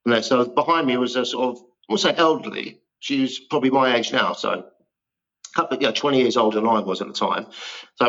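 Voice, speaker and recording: Male, 50s, mid pitch, self-deprecating raconteur, lo-fi sound. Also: a little fast, a bit bright. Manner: rambling self-deprecating storytelling. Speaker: guest actor. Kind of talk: casual interview chat.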